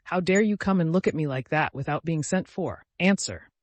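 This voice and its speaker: A man voicing a furious, shouting gentleman. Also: a little high, expressive, normal speed, no room sound. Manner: shouting, agitated, repeating himself. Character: furious, humiliated man shouting at his servant.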